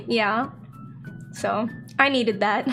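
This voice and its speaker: A young woman streaming and chatting casually as a VTuber, excitable, laughing often and acting out quoted conversations. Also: fairly high pitch.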